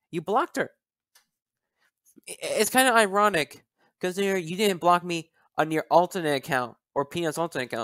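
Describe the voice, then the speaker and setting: A young man delivers an angry callout rant, profane and heated. He stumbles and repeats words as he pushes on. His voice sits a little high and sounds dry and close. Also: a bit bright, no echo. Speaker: video creator.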